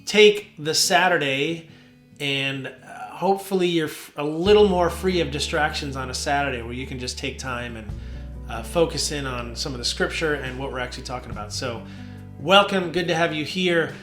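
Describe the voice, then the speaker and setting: A man, a worship leader, hosting a casual devotional talk from his home studio, relaxed and rambling with many fillers. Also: fairly high pitch, moderate pace. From New Jersey. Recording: roomy studio with soft guitar.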